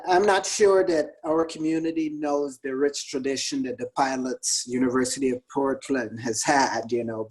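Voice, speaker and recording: A man, a youth soccer coach, hosting a casual video-call interview and asking questions haltingly, with many fillers and repeated words. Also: mid-range voice, darkish tone, rough recording.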